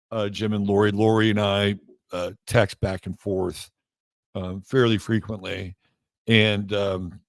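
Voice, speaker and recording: Male show host, deep voice, dry close sound, loose unscripted delivery with frequent pauses and restarts. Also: gravelly, no room sound. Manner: halting, many fillers and restarts. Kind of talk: casual spoken monologue.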